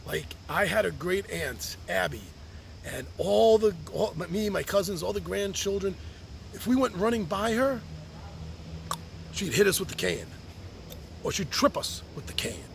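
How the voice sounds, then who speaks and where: A man delivers a personal open-letter monologue in a heartfelt, reflective way. His voice sits fairly high and carries a gravelly fry. His pitch moves widely as he speaks. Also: lively intonation, measured pace, long pauses, background noise. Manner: heartfelt and reflective, with a few repeated restarts. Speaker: podcast host writing to his birth mother.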